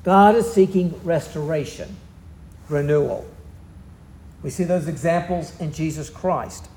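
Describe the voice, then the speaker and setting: A man's voice: fairly high pitch, unhurried, dark tone, echoey room, slight background noise. A man with a Southern US accent preaching a sermon, telling the story in a folksy, easygoing way. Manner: folksy storytelling, drawling asides. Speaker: pastor.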